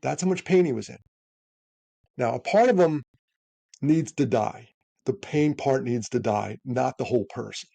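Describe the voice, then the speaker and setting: A man's voice: medium pitch, normal speed, vocal fry, long pauses, no room sound. A man speaking as a podcast guest, giving earnest advice and acting out bits of dialogue as he talks. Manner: animated storyteller, acts out dialogue.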